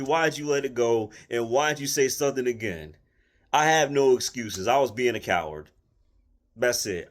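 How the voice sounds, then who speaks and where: A man telling a personal story to his followers in a blunt, colloquial, emphatic way, often restarting and repeating phrases. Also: fairly high pitch. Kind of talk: casual storytelling monologue.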